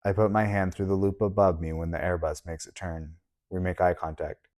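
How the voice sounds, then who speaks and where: A man giving a steady, measured audiobook narration in the first person. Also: deep voice.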